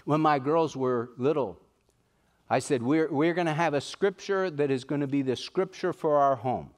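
A pastor preaching a sermon earnestly, slowing down to stress key words. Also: male voice, a little high.

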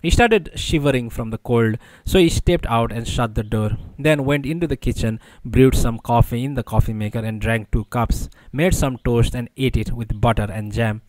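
A man narrating an audiobook in a measured, even storytelling voice. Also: mid-range voice, low-quality recording.

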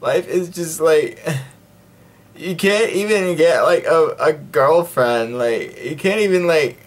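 A man chatting over his gameplay with a bouncy, lively voice that swoops up and down. He pitches a little higher than most men and keeps things unhurried. He rambles and jokes to himself and his viewers, and now and then slips into silly singing. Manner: rambling, jokey self-talk; breaks into playful singing. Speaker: gaming video host. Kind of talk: casual let's-play commentary.

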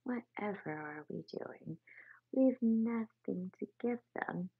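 A woman's voice: lowish voice, slow, creaky, breathy edge, heavily acted. A woman reading the part of an eager, anxious young male mole in a bedtime storybook. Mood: fretful. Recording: tinny phone-like sound, dry.

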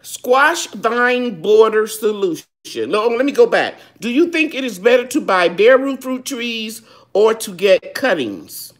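A woman's voice: on the high side, expressive, a little slow. A woman hosting a live gardening chat. She reads viewers' questions aloud and answers them in a homey, loose way, calling people baby. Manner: loose, with fillers and restarts. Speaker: gardening show host.

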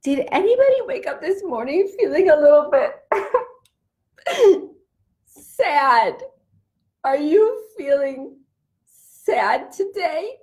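A woman with a high, bright-sounding voice leads an online lesson for young children from home. She talks in a slow, drawn-out way, animated and sing-song, acting out feelings and singing simple songs. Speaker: children's language teacher.

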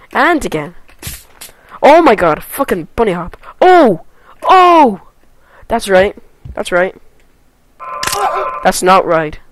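A woman giving gameplay commentary, excitable and foul-mouthed, with loud sudden yelps and shouts between muttered remarks. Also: on the low side, poor audio. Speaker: let's play gamer.

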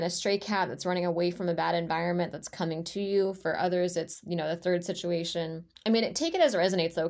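A woman giving an intuitive tarot reading to her viewers, talking in a rambling, heartfelt way with many halting restarts. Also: fairly low pitch, darkish tone. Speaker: tarot reader.

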